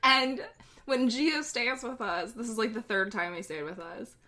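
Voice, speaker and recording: A woman's voice: a little high, unhurried, bright, forceful tone. A young woman co-hosting a casual podcast, rambling through stories with lots of giggling. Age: young adult. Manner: giggly, rambling storytelling with frequent laughter. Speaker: podcast co-host. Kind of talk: casual chat.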